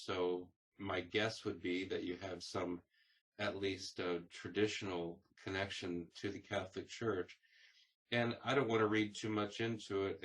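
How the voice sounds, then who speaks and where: A man's voice: on the low side, fairly bright tone. A man interviewing a veteran, asking long, careful questions with hesitations and restarts. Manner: hesitant, searching for words, many restarts.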